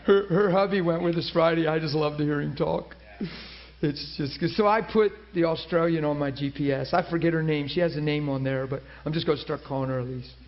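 High-pitched male preacher, joking and chatty, keeps asking the room questions, dull lo-fi recording. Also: a little fast. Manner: humorous, conversational, many rhetorical questions. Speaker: pastor teaching a Bible school class. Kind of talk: sermon.

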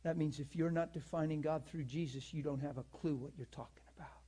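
A man preaching a sermon, emphatic, swinging between raised and hushed delivery. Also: a little high, steady tone, brisk, breathy edge.

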